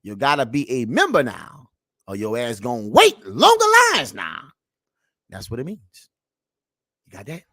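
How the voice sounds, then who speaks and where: A man hosting comic reaction commentary, preaching at his viewers, swinging from mutters to shouts. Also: mid-range voice, slightly rough, no echo, studio quality. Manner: preachy, keeps calling out to the people; drawn-out, animated swings between mutter and shout. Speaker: reaction video host.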